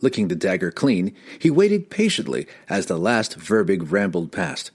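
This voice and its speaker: A man narrates a fantasy adventure aloud. His voice is husky and sits a little low, and his pitch rises and falls a lot as he drives the action forward dramatically. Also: moderate pace. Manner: dramatic, expressive storytelling. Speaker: audiobook narrator.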